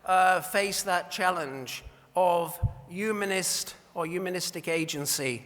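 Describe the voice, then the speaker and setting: A man's voice: high-pitched, slow pace, a bit bright. Man giving a wry speech in a reverberant hall. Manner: wry, anecdotal storytelling. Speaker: award presenter. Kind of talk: after-dinner award speech. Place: large banquet hall.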